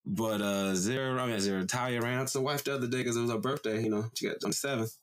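A man's voice: mid-range voice, fairly even intonation, fast talker. A young adult man co-hosting a casual podcast chat, rambling loosely with lots of fillers and cussing. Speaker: podcast co-host.

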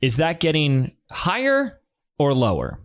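A man hosting a business podcast in an energetic, quick, casual way. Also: fairly high pitch. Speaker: podcast host. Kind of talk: casual chat.

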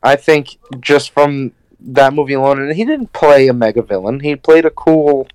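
A man's voice: mid-range voice, moderate pace, a little mellow, smooth, dry recording. A man co-hosting a casual chat, laid-back and rambling. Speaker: podcast co-host.

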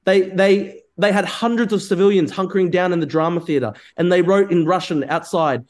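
A man with a fairly high voice, from Australia, rants in a heated online debate. He swears, cuts in constantly and piles on accusations, speaking over a video call. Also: brisk, a little mellow. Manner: furious, interrupting, swearing.

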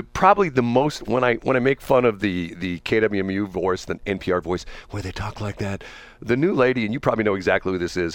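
Middle-aged male radio host, low voice, dry studio sound, chatty and laughing. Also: no echo. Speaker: radio talk show host. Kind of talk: casual radio banter.

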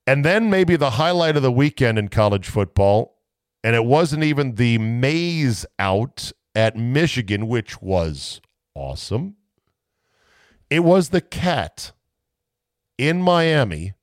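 Animated male sports talk host, dry sound. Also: no room sound. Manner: chatty, self-mocking, swings into high playful voices. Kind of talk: casual podcast monologue.

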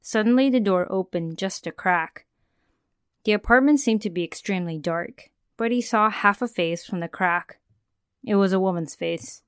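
A woman podcast host narrating a scripted horror tale in a calm manner, now and then asking the listener a question. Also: mid-range voice, normal speed, clean tone, no echo, studio quality. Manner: calm storyteller who asks the listener questions.

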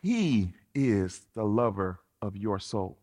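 A man preaching a sermon in an animated, colloquial, playful way. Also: lowish voice, slow. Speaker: pastor.

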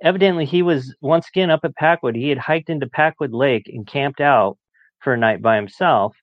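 A man's voice: mid-range voice, a little fast, no room sound. A man in his late forties, a podcast guest telling stories in a chatty way and laughing as he talks. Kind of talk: casual storytelling. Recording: dull muffled dry sound.

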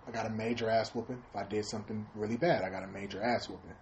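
A man's voice: fairly low pitch, steady tone, racing, a little mellow, a little hiss or hum. A man co-hosting a casual podcast chat, explaining at length with crude joking. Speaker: podcast co-host.

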